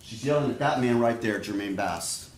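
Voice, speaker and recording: A man giving a prosecutor's opening statement to a jury, speaking deliberately and straight to the jurors. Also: fairly low pitch, slight background noise. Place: courtroom. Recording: echoey courtroom audio.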